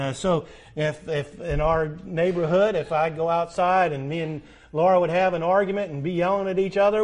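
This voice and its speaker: Man, middle-aged pastor, sermon, a touch high-pitched, emphatic rising peaks. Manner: preacherly, rising to emphatic peaks with repeated questions.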